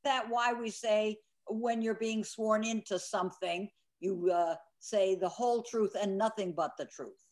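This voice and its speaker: A woman's voice: mid-range voice, unhurried, hardly any pauses, a little mellow. Plain-spoken woman in a class. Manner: plain-spoken, explains with examples. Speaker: class participant. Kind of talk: comment in a class discussion.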